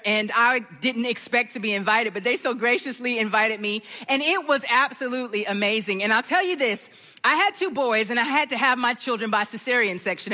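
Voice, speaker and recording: A middle-aged woman, a grandmother, telling an animated, bubbly story as a speaker before a live audience. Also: fairly high pitch, in a large hall.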